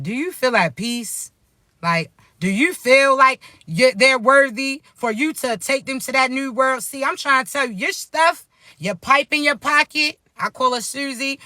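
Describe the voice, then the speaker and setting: A woman's voice: fairly high pitch, bright, forceful tone, dry recording, clean studio sound. A woman speaking as a spiritual coach in a casual motivational vlog, talking bluntly and cursing freely as she calls her listeners baby. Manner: blunt, profane, no sugarcoating.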